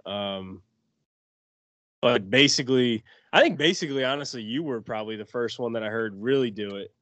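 A man's voice: mid-range voice, normal speed, a bit bright, no room sound. A man hosting an interview, speaking in a laid-back, slangy, hesitant way. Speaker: podcast host. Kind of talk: casual interview talk.

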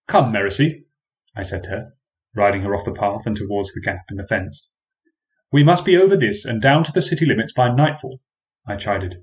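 A man telling a first-person story in measured, wry, old-fashioned formal phrasing. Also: medium pitch, highs cut off.

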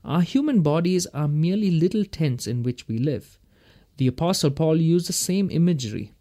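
Man, Bible teacher, slightly high voice, lively intonation, folksy, emphatic, chuckling. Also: moderate pace.

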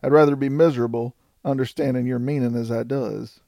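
A man voicing a coarse, desperate male outlaw in an audiobook, with rough frontier dialect. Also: medium pitch, fairly even intonation, a little fast, dark tone, dry recording, studio quality, close to an everyday voice. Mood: rueful.

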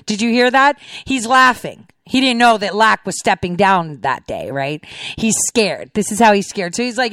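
Sarcastic woman with lively pitch. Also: moderate pace, no room sound, clean studio sound. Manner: sarcastic, rhetorical questioning. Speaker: podcast host. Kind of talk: political commentary reacting to clips.

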